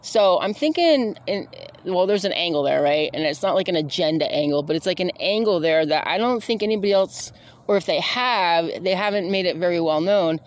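A woman's voice: lowish voice, expressive, brisk. A woman hosting her own podcast, talking casually while out on a walk, rambling with many fillers and self-corrections. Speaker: podcast host. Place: outdoors on a walk.

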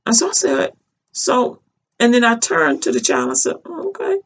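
A woman's voice: on the high side, huge pitch swings, moderate pace, gravelly, a bit bright. A woman vlogger in casual storytelling commentary, chatty and rambling, with many fillers and restarts, colloquial and earnest.

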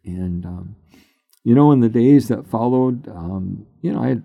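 An older man, a pastor, telling his personal testimony in an unhurried, halting way that turns emotional at times. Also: mid-range voice, animated, vocal fry, breathy edge, dry recording, narrow, tinny audio. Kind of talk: personal testimony, conversational storytelling.

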